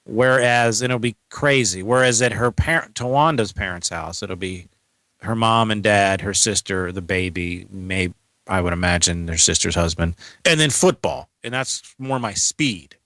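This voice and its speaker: A man's voice: fairly low pitch, normal speed, bright, forceful tone, no echo. A man, co-hosting a casual podcast, rambling and asking lots of questions. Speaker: co-host.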